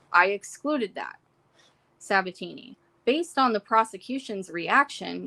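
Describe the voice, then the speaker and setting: A young adult woman casually recapping courtroom notes from home, reading quotes and adding quick asides. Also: medium pitch, vocal fry, sharp tone. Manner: reads court quotes then adds asides. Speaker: trial reporter. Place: home room with pets.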